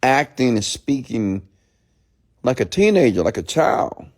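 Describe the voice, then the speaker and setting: A man's voice: medium pitch, big pitch swings, a little slow. A man hosting a late-night live stream, ranting bluntly and profanely at viewers, then answering their questions. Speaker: entrepreneur mentor host.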